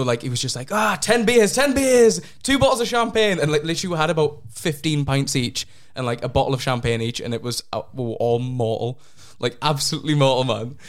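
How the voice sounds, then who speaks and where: Fast-talking lad telling stories. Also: male voice, clean tone. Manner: rambling storyteller, pitch leaps when excited. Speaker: podcast co-host. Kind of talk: casual chat.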